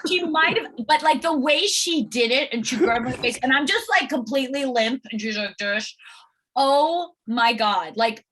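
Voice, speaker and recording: Middle-aged woman, high-pitched, animated, chatty, lots of fillers. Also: moderate pace, hardly any pauses. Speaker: actress guest. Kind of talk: casual interview anecdotes.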